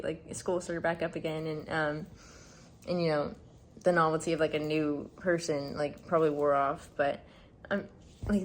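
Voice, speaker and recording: A young woman chats to the camera in a slightly low voice, gushing and rambling with plenty of "like" and "um". She tells the story casually from indoors, with a faint hiss of noise behind her. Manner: gushing, rambling with many fillers. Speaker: vlogger. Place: indoors, packing up a room.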